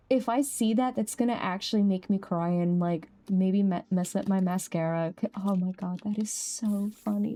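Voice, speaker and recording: A young woman streaming a game, chatting casually with viewers, laughing easily and jumping up high when something amuses her. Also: normal speed, few pauses, warm tone. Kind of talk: casual live-stream chat.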